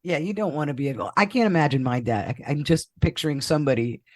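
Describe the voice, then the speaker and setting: A woman's voice: low-pitched, lively intonation, fast. A woman hosting a casual interview podcast, chatty and playful, laughing often. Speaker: podcast host.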